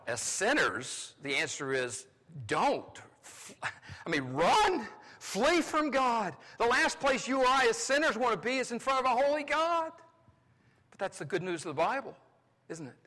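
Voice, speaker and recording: A male pastor from North Carolina preaching a sermon, swinging between loud exclamations and hushed asides. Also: fairly high pitch. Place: large church sanctuary. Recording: long hall reverb.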